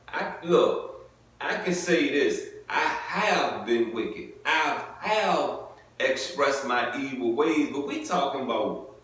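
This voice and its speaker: A man's voice: medium pitch, fairly bright tone. A man reading scripture aloud and commenting on it in a loose, conversational way, often asking "you get it?" and using informal everyday grammar. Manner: conversational, repeats "you get it?" and "come on now"; informal vernacular speech. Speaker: preacher. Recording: very echoey, mic at a distance.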